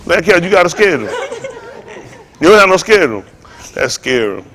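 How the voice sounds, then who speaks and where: A man preaching to a congregation in a joking, storytelling way, laughing and shouting often. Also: on the high side, big pitch swings, brisk. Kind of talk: comic sermon talk to a congregation.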